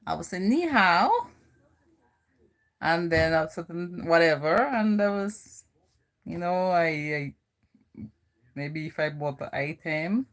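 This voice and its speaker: A woman's voice: deep voice, measured pace. A young woman from the Virgin Islands with a Virgin Islands accent, chatting casually and rambling with lots of "you know". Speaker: vlogger. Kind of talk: casual chat.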